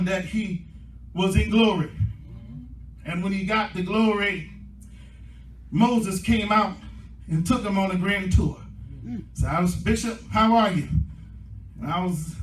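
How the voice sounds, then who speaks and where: A male pastor preaching a sermon, his delivery swelling into impassioned shouting as the congregation answers him. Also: sits high, slight background noise. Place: church sanctuary. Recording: echoey church room from a distance with faint music.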